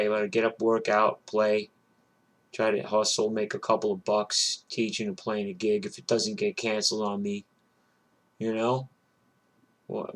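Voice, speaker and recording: A middle-aged man and working guitarist, telling a rambling, cursing rant that starts loud and worked up and settles into a low, weary tone. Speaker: gigging guitarist and show host.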